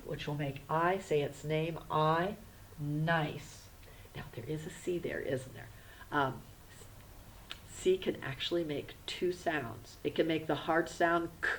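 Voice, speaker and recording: A woman kindergarten teacher with a low voice takes her handwriting class through each letter step by step. She is gentle and patient and speaks in an unhurried way that leaves room for small children to follow. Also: a little hiss or hum, poor audio. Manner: patient, spells words out letter by letter; gentle, instructive. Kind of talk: handwriting lesson.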